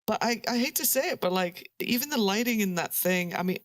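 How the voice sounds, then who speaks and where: A woman's voice: medium pitch, lively intonation, a little fast, dry recording. Chatty woman with a dry close sound. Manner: chatty, playful, many "like"s. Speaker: podcast guest. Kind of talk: casual group chat.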